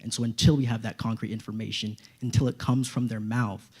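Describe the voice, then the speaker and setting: A young man, a student government candidate, giving a measured, reasoned debate answer. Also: lowish voice, steady tone, darkish tone, slightly rough.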